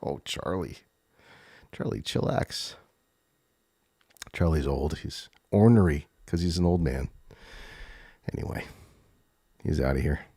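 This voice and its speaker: A man's voice: a bass voice, moderate pace, long pauses, mellow. A man at home feeding treats to his cats, chuckling often and talking to them in an affectionate, cooing baby-talk way. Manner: chuckles often between lines. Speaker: vlogger. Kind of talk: casual talk while feeding pets. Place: home indoors.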